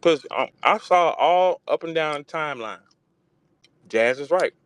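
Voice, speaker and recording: A man hosting a casual battle rap talk space, profane and animated, slipping into mocking voices when he quotes people. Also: on the high side, unhurried, clear, resonant tone, dry recording. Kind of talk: casual chat. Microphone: online audio room.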